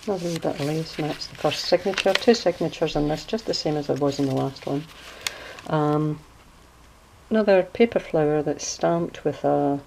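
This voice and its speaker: A woman giving a casual craft walkthrough of her handmade journal, chatty and relaxed, often hunting for words and correcting herself. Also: low-pitched, creaky, slight background noise, low-quality recording.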